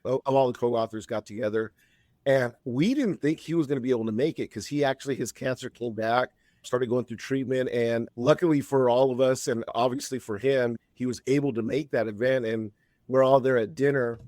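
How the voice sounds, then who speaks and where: Speaking at an everyday middle pitch, a podcast guest in his fifties tells a casual story in a chatty, rambling way, frequently doubling back to restart. His delivery is fairly quick with a slightly mellow tone, and the sound is close and dry, with no room around it.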